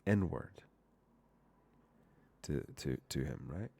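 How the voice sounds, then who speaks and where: A man's voice: low-pitched, expressive, measured pace, creaky, warm tone. A young man streaming while coding, rambling and profane, often cutting himself off mid-word. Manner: rambling, profane, self-interrupting. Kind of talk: casual live-stream chat while coding.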